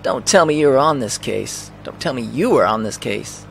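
Brief: a man voicing a rough ribbing veteran cop from a game, gravelly, animated. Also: medium pitch, normal speed, a little hiss or hum. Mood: teasing. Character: gruff middle-aged male cop, teasing.

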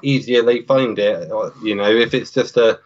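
A man, a hiking father, calmly explaining a family trek as a podcast guest. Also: lowish voice, moderate pace, lo-fi sound. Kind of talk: interview.

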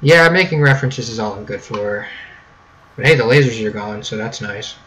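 A man's voice: fairly low pitch, moderate pace, fairly bright tone, low-quality recording. A young American man casually commenting on his gameplay, joking and rambling, with a faint hum behind him. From United States. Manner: joking, rambling, mock-British catchphrases. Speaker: gameplay video host. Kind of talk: casual let's-play commentary.

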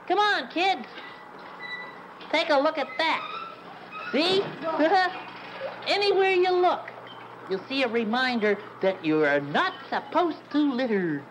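A man performing a big, childlike, eager bird puppet with a high, wobbly, innocent voice on a 1970s children's TV show. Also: fairly bright tone, slight background noise, full character voice, poor audio.

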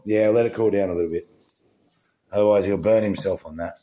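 A man's voice: lowish voice, fairly even intonation, brisk, pauses often, background noise. A man filming a home pet vlog, chatting casually and cooing to his dog in a playful sing-song voice. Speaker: pet vlogger.

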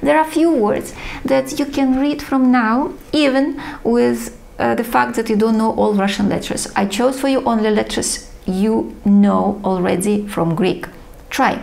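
A woman's voice: fairly high pitch, steady tone, a little slow, vocal fry, a little mellow. A woman teaching a recorded language lesson, speaking in careful, slightly non-native English and patiently reading word lists aloud.

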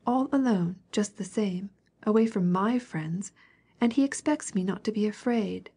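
A vivacious young princess, fretful and capricious, who rises a little in pitch as she chatters and pleads, as a woman reader puts her on. The voice stays warm and soft, with a slightly breathy edge. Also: unhurried. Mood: pleading. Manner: lively, complaining, pleading.

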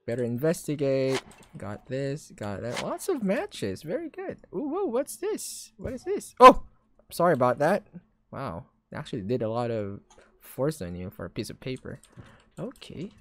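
Hoarse, jumpy Filipino woman streaming a horror game. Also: deep voice. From Philippines. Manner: loud, jumpy, swears often, mixes Tagalog into English. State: hoarse from shouting. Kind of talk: live horror game commentary.

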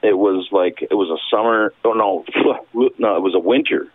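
A man's voice: on the low side, normal speed, breathy edge, no room sound. A man who drummed in a punk band, rambling through a story with lots of swearing and laughter, heard over a phone call. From Canada. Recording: dry tinny phone line.

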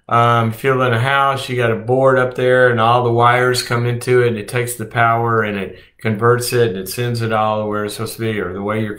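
A man, a psychologist hosting his show, teaching to camera in an animated way, acting out babies and parents and swinging between loud and hushed delivery. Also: mid-range voice. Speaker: psychologist host.

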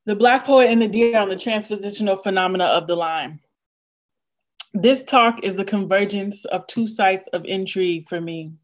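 A woman poet giving a craft talk over a video call, reading a prepared lecture in a measured, rhythmic cadence and sounding a little nervous. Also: medium pitch.

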